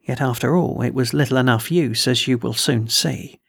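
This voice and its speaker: Gravelly man reading a story. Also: medium pitch, a bit bright, no room sound. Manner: measured, storytelling. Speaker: audiobook reader and podcast host. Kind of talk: audiobook narration.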